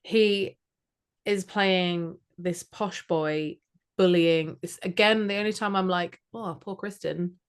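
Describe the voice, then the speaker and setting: A woman's voice: fairly low pitch, steady tone, slow pace, clean tone. A British woman co-hosting a podcast, chatting in a rambling, jokey way. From Britain. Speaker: podcast co-host. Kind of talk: casual chat.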